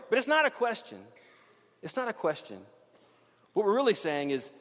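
A man preaching in a church with a fairly high voice. His sermon swings between loud, rising emphasis and quiet, intense passages. A long reverb trails behind every phrase. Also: very animated, moderate pace. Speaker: pastor.

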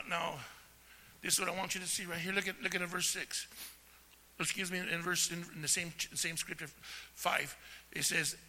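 Raspy high-voiced preacher in a reverberant church. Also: male voice. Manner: preaching with call-and-response, swings from soft to shouting. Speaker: pastor. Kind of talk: sermon. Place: church sanctuary. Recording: long hall reverb.

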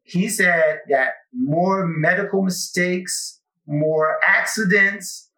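A man's voice: high voice, takes it slowly. A man, a podcast host taking guest questions, chatting casually and rambling with lots of asides. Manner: rambling, animated storytelling with many asides. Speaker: podcast host being interviewed. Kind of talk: casual conversation. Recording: echoey room, mic at a distance.

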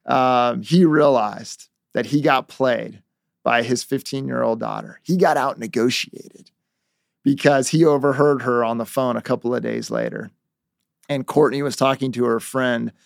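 A man coaching on negotiation through an animated story told as a lesson. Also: mid-range voice, measured pace, creaky, dry recording, clean studio sound.

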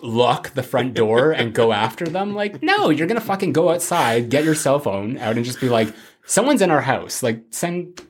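A man co-hosting a movie podcast, talking in an animated, profane, joking way. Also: mid-range voice, moderate pace, breathy edge. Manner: animated, profane, laughing riffs. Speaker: podcast co-host. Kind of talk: casual chat.

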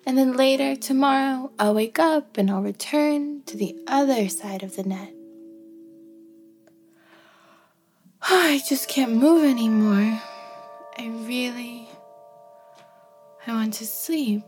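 A woman's voice: high voice, moderate pace, few pauses, voice pushed up. A woman voicing a stubborn playful antelope. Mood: sleepy. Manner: bubbly and coaxing, with whoops and giggles. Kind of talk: musical bedtime story. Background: soft music with chimes.

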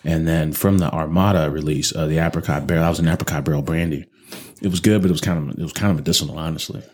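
A man's voice: very deep voice, fairly even intonation, fast talker, a little mellow. A man co-hosting a podcast, chatting casually and loosely about whiskey, swearing freely and rambling with fillers. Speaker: podcast co-host reviewing whiskey. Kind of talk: casual chat.

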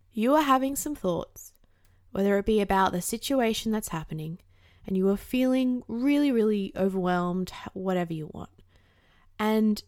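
A woman's voice: mid-range voice, no echo, clean studio sound. A young woman giving casual, candid advice to the camera. She swears freely and acts out the voices in her head. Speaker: self-help vlogger.

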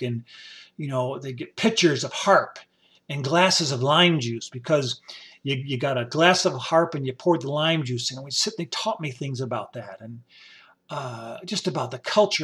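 A man from upstate New York telling rambling stories from his past in a casual spoken-memoir style, full of "you know" fillers. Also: medium pitch. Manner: rambling, warm storytelling with many "you know" fillers and quoted voices. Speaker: storyteller.

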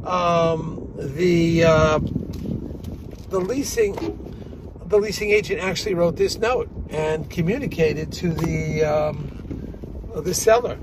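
A man hosting a podcast, talking casually and excitably from a car, rambling and restarting his sentences. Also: a little high, slow. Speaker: podcast host, practice broker. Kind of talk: casual monologue. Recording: loud car and wind noise. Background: road and wind noise.

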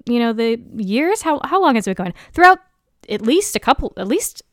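A woman's voice: fairly high pitch, very animated, fairly quick, fairly bright tone, no room sound, studio quality. A young adult woman hosting a solo podcast in a candid, self-deprecating style, acting out the dialogue she quotes. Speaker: podcast host. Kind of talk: casual solo podcast monologue.

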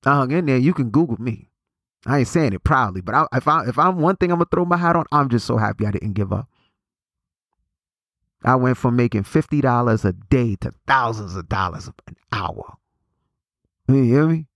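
Gravelly, preachy motivational speaker, a man. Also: medium pitch, expressive, moderate pace, a bit bright, no echo, clean studio sound. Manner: preachy, repeats phrases, restarts often. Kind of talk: motivational talk.

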